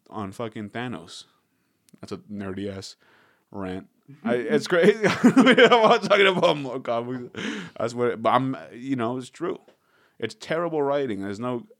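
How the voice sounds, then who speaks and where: A man's voice: lowish voice, dry recording, studio quality. Rambling, profane man in casual chat. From Southern California. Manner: rambling, profane, laughs often.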